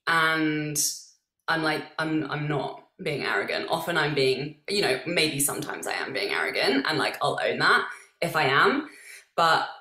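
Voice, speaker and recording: A woman's voice: sits low, big pitch swings, a little slow, bright, forceful tone. A woman hosting a podcast, thinking aloud reflectively in casual conversation. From United Kingdom. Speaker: podcast host. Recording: echoey room.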